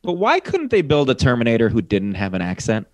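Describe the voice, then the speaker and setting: A man with an ordinary pitch gives strong, joking opinions on a podcast about films. His voice is recorded close and dry. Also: wildly swooping pitch, brisk, dry recording. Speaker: podcast guest. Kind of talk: casual film discussion.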